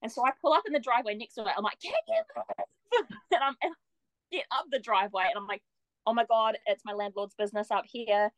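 A young woman tells her story as a podcast guest, bubbly and laughing often. She acts out quoted lines with playful shifts. Her voice sits a little high, and the sound is dry. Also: quick pace, no echo, low-quality recording. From New Zealand. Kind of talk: casual storytelling.

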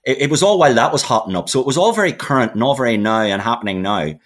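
A man's voice: medium pitch, animated, racing, a bit bright. A man, a podcast guest telling stories of his radio voice work in a reflective, meandering way. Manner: reflective storyteller, frequent restarts and asides. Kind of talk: casual chat.

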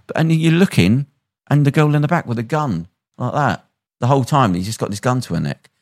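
A man hosting a podcast, retelling a story in a lively, casual way and acting out the quotes. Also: medium pitch, a little fast, no room sound, clean studio sound. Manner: animated retelling with acted-out quotes. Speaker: podcast host.

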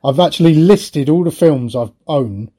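A middle-aged man with a mellow tone and a fairly high voice. He co-hosts a casual film podcast, telling rambling stories about what he has been watching and laughing between thoughts. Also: lively intonation, moderate pace. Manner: rambling, anecdotal, laughs often. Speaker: podcast co-host.

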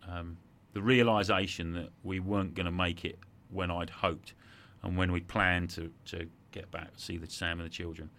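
Low, bright-voiced man telling a hard story. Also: level tone, normal speed, hardly any pauses, a little hiss or hum. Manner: reflective, repeats words when moved. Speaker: guest. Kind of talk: emotional storytelling in conversation.

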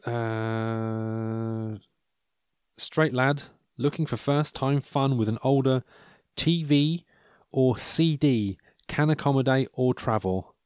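A man's voice: mid-range voice, slow pace, darkish tone, smooth, no echo, clean studio sound. Wry rambling man. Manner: wry, rambling, digressive commentary. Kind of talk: casual monologue reading out personal ads. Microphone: handheld or desk microphone.

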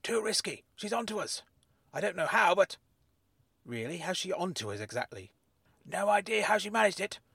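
An eager, chatty freelance reporter, played by a male narrator, jovial and a touch theatrical. His voice rides fairly high with lively swings in pitch. The sound is close and dry, like a storybook reading. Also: moderate pace, vocal fry, slightly rough, dry recording, heavily acted. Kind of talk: audiobook character voice.

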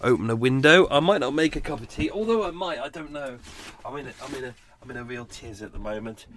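Sick with a cold and sore throat, a podcast host chats unscripted and off the cuff, rambling self-deprecatingly with frequent fillers and restarts. He talks fast, his medium-pitched, fairly bright voice full of lively intonation.

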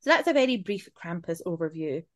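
With a voice on the low side and big swings in pitch, she talks a little fast, and there's no room sound. She's from Scotland and co-hosts a podcast, casually sharing spooky folklore while swearing freely and laughing off to the side.

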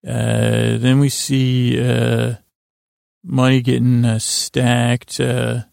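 Gravelly man, flat delivery, halting bedtime recap with dry asides, close and dry. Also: medium pitch, dry recording. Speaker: podcast host retelling a TV episode as a bedtime story.

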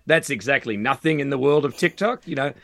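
Animated Australian man, sardonic. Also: mid-range voice, fairly quick, gravelly. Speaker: podcast guest. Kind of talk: comedic panel chat.

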